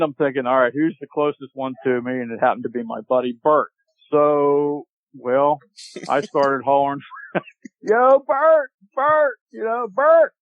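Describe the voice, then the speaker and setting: A man guest on a podcast, telling a long hunting story in a casual, animated way and acting out what people said. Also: mid-range voice, no echo. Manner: animated storyteller, acts out shouted quotes. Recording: tinny phone-like line, dry.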